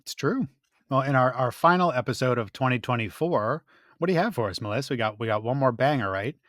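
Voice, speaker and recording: A man's voice: mid-range voice, expressive, quick pace, fairly bright tone, no room sound, clean studio sound. A man co-hosting a true-crime podcast, chatting in a friendly, enthusiastic way. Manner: friendly, enthusiastic banter with "like" fillers. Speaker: podcast co-host.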